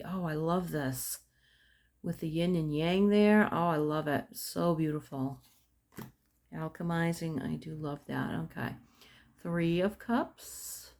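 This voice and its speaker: Middle-aged lady flipping thru cards real slow, lowish voice, murmuring names and going ooh pretty. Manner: leisurely, softly admiring, murmurs card names as she flips. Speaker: tarot unboxing vlogger. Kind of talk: casual unboxing chat.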